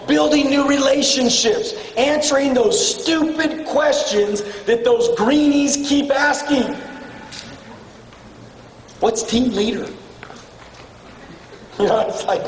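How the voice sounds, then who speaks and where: A man giving a blunt, profane motivational speech to a room of salespeople, swinging between shouting and low, intense tones. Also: measured pace, a little hiss or hum. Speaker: motivational speaker at a sales retreat. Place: large hall with an audience. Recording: echoey hall from far off with faint ambience.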